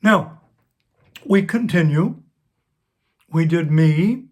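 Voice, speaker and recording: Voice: medium pitch, darkish tone. A voice teacher giving a spoken singing lesson, explaining technique step by step and speaking straight to the student. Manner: slow, deliberate instructing, addressing the student directly. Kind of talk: spoken vocal lesson with sung demonstrations.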